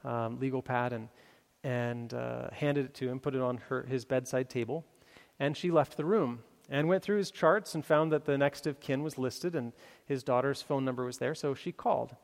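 A man's voice: mid-range voice, moderate pace, vocal fry. A man preaching a sermon, telling a story with many fillers and restarts before making his appeal. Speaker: pastor. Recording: long hall reverb.

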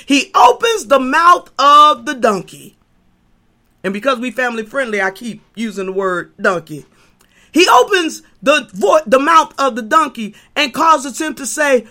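A woman preaching a sermon, moving from hushed talk to shouting, repeating herself and stumbling over fillers. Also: high-pitched. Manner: impassioned, swings from hushed to shouting.

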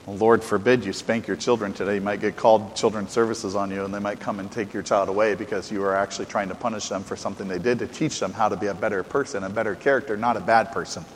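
A man preaching a sermon, getting loud for emphasis and dropping quiet for asides. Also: on the low side, fairly even intonation, quick pace, hardly any pauses, big-room sound, a little hiss or hum, rough recording. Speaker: pastor.

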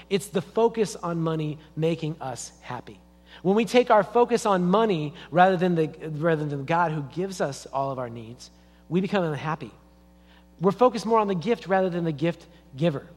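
A man's voice: a little high, a little mellow. A man preaching a sermon as a pastor in a church, in a conversational storytelling way. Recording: long reverb of a church hall.

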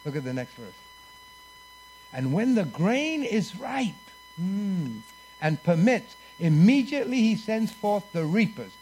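A preacher with a high, very lively voice that leaps up and down as he drives his sermon forward. He leads the congregation in call-and-response, swinging from booming declarations to hushed, intimate lines. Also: a little slow, slight background noise.

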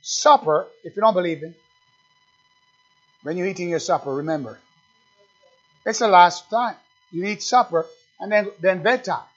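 High-voiced man preaching, dull lo-fi recording. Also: normal speed, long pauses, fairly bright tone. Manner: emphatic, repeats phrases, asks the congregation questions. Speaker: pastor. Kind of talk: sermon. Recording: dull lo-fi sound.

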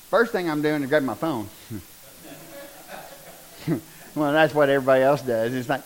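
A middle-aged man preaching a sermon, joking and building to loud bursts. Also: a little high, normal speed, long pauses, poor audio. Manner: animated, joking, preaching with rising bursts and laughter.

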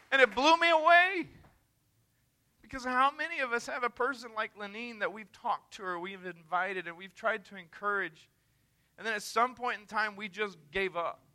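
Male missionary preacher, emphatic storyteller, sharp, ringing tone. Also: sits high, normal speed. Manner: earnest, emphatic, conversational. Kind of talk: sermon storytelling.

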